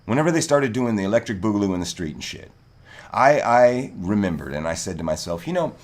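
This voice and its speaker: A man's voice: lowish voice, sing-song, a little fast, darkish tone. A man hosting a livestream, ranting heatedly in casual chat and swearing often. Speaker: livestream host. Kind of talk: casual political rant.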